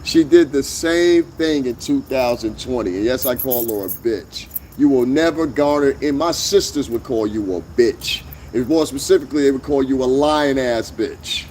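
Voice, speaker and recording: A man's voice: mid-range voice, normal speed, few pauses, darkish tone, slight background noise. A man hosting a commentary vlog, ranting bluntly with heavy profanity and emphatic jabs. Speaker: vlog host. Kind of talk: opinionated commentary rant.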